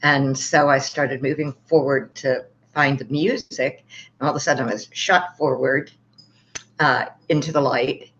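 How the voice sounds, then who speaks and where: A woman's voice: extremely low pitch, steady tone, unhurried, fairly bright tone. An older woman telling a personal story in a rambling, casual way, with many fillers and a wry sense of humor. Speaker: guest telling her near-death experience. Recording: slightly dull, muffled sound.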